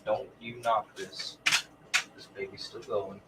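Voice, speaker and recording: A man joking with a co-host on a casual home livestream, speaking in a relaxed, bantering way. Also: lowish voice, takes it slowly. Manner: laid-back, joking banter. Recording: distant home mic, background noise.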